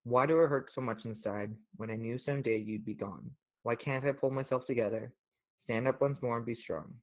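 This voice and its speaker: A man hosting a show, talking casually in an earnest, reflective way and reading poems aloud, gently emotional. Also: mid-range voice, brisk. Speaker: podcast host. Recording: tinny phone-like audio.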